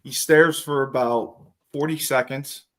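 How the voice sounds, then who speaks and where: A man hosting a podcast, telling profane, animated stories and acting out what others said in casual chat. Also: mid-range voice, a little slow. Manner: profane, animated storytelling with acted quotes. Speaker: podcast host.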